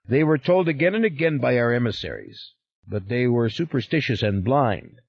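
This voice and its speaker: A man voicing an insistent northern stranger, raised husky voice, pressing and urgent, dull lo-fi audiobook sound. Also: mid-range voice, big pitch swings, normal speed, pitched above the performer's own voice, full character voice. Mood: intense. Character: powerful northern European man, insistent, knowing.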